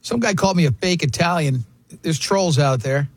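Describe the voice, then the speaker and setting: Husky animated radio host man. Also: a little high, moderate pace, no echo. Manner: animated storyteller, mimics voices in quotes. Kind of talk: casual sports radio banter.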